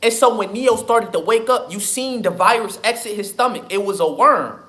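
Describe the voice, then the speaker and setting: In a high, fairly bright voice at a moderate pace, a man hosts a livestream, talking casually with emphasis, profanity, and lots of repetition.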